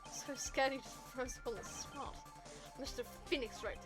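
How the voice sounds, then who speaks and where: A woman's voice: high-pitched, normal speed, close to an everyday voice. This is a proud, whip-cracking young prosecutor with a put-on German accent, voiced by a woman reading a game aloud. She sounds cold and arrogant, and she looks down on everyone. Faint game music runs underneath. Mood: scornful.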